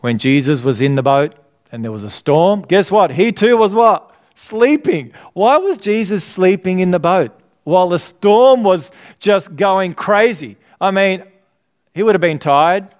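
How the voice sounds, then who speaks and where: Pastor with a smooth voice. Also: male voice, high-pitched, expressive, a little slow. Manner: asks the congregation questions to fill in; earnest and conversational, with laughter. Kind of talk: sermon.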